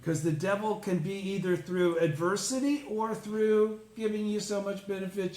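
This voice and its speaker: Man, study group leader, explaining and questioning, high-pitched, roomy sound. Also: fairly even intonation, normal speed, hardly any pauses, darkish tone. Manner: explains a text, checks in with listeners; blunt, swears casually. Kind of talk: informal religious study talk. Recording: roomy echo.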